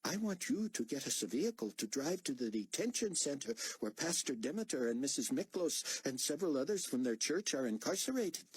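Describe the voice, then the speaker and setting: A man's voice: fairly high pitch, sing-song, fairly quick, few pauses, breathy edge, voice pushed up, heavily acted. A man voicing a wry, teasing, commanding older male officer with a dry manner.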